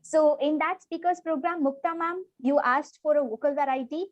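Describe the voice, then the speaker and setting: A woman's voice: high-pitched, steady tone, normal speed, no echo, highs cut off. A woman speaking earnestly at an online club meeting, persuasive and repeating key phrases for emphasis. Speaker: club member promoting a workshop.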